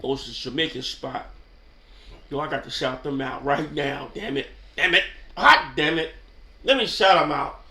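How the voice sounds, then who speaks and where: High, bright-voiced New man rambling. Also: normal speed, roomy sound. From New York. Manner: slangy, rambling, keeps asking "you know what I'm saying". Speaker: channel host. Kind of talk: casual off-the-cuff commentary.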